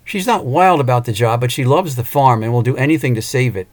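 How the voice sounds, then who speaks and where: A man's voice: mid-range voice, fairly quick, no echo, close to an everyday voice. A man voicing a lonely, wistful older farmer who talks plainly with a rural turn of phrase.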